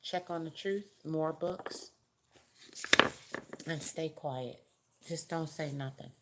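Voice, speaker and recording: Low-voiced woman reading tarot. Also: takes it slowly, very noisy. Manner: chatty, folksy, gives direct advice. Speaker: tarot reader. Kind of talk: casual tarot reading to the viewer.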